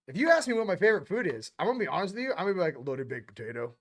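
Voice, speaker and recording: A man's voice: high voice, sing-song, very fast. A young man hosting a casual spiritual livestream monologue, loose and slangy, rambling with quoted asides. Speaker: spiritual channel host.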